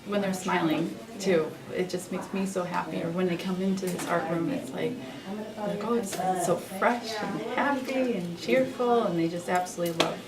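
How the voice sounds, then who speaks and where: A woman's voice: fairly low pitch, moderate pace. A woman on the care staff speaking cheerfully and enthusiastically in a casual interview. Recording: roomy, distant sound with crowd noise behind.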